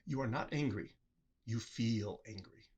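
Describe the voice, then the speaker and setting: A man's voice: on the low side, unhurried, darkish tone, slightly rough, lo-fi sound. Man, solo host, reflective talk, earnest, questioning, acts out quotes. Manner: earnest, asks the listener many questions, acts out quoted replies.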